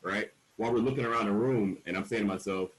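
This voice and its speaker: A man in his forties speaks in a somewhat low voice as a panel speaker, telling his own story frankly. He leans hard on key words and slips into the voices of the people he quotes. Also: quick pace, poor audio. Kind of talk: candid personal storytelling at a panel.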